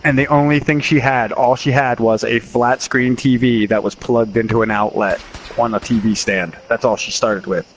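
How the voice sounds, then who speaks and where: A man chats casually while he plays a game, rambling through stories and chuckling along the way. His voice sits at an ordinary mid pitch. Gunfire and explosions from the game are clearly heard behind him. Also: fairly even intonation, normal speed, hardly any pauses, slight background noise. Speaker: game streamer. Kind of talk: casual chat while gaming. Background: video game gunfire and explosions.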